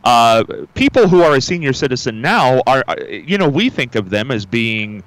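A man hosting a radio show, interviewing a guest with lively, friendly questions. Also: medium pitch, normal speed, no echo, low-quality recording.

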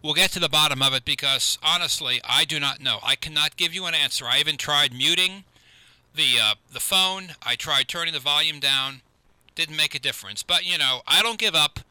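A man's voice: on the high side, brisk, bright, forceful tone, smooth, poor audio. A man hosting a live call-in radio show, talking close to a studio mic, earnest and repeating himself with many restarts. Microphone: close studio microphone.

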